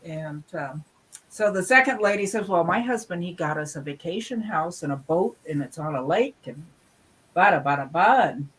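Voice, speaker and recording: A speaker in a loose, casual chat who tells old jokes with a storyteller's build-up. The pitch sits in the middle, and the talk is relaxed and unpolished. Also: moderate pace, a little hiss or hum, poor audio.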